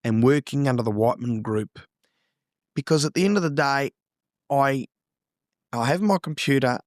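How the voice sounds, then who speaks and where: A man's voice: medium pitch, moderate pace, dry recording, clean studio sound. A man, a real estate agent talking earnestly and from the heart in an interview. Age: 20s. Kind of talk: casual interview chat.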